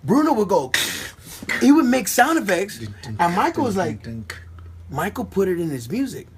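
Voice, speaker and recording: Animated middle-aged man telling stories. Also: high-pitched, normal speed, slight background noise. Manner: animated, excited retelling with quoted voices. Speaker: dancer. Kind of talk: casual storytelling.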